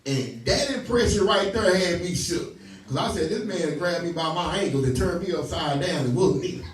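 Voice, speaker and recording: A man's voice: on the high side, expressive, brisk, recorded from a distance, crowd noise. A man leading a scripture study, preaching emphatically, stopping his reader to repeat and question each line and telling folksy stories. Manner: folksy, tells stories with laughs. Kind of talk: call-and-response preaching. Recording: roomy echo, voice from off the mic.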